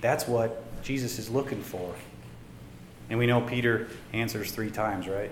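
A male pastor preaching a sermon, swinging between loud emphatic lines and quiet asides. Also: on the low side, a little slow, heavy background noise. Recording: echoey room with faint ambience.

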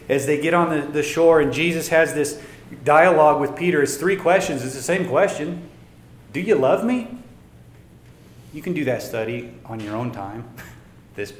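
Male pastor, sermon, dynamic preaching, fairly high voice, echoey church room, faint background hum. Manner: preaching with dynamic swings between loud emphasis and quiet asides.

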